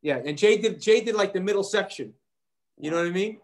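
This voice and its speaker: A middle-aged man tells a story as an interview guest, fairly high for a man's voice. He is animated and brings the people in his story to life by acting out their lines. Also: a little fast. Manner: animated, acts out quoted voices. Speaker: actor guest.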